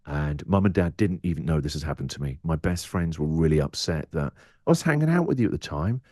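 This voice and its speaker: Deep-voiced English man, candid. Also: lively intonation, a little fast, darkish tone, no echo, clean studio sound. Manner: reflective, acts out his inner voice in quoted asides. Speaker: radio presenter and guest. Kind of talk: candid podcast interview.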